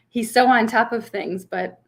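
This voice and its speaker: A woman's voice: on the high side, vocal fry. Chatty young woman livestreaming. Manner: chatty, laughs often, reads comments aloud. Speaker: vlogger hosting a livestream. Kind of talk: casual livestream chat.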